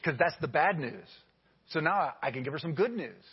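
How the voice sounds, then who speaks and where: A man preaching a sermon as pastor, telling stories in an animated way that swings from loud to hushed. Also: a little high, brisk, husky. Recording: dull lo-fi audio with long hall reverb.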